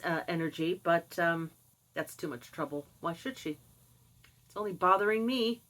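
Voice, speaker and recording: An older woman talks candidly into the camera, recounting personal memories in a casual, unscripted way. Her voice sits a little low yet comes across bright and forceful, with lively asides. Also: low-quality recording. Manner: candid, animated, some sighing and laughing asides. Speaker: vlogger sharing personal experience.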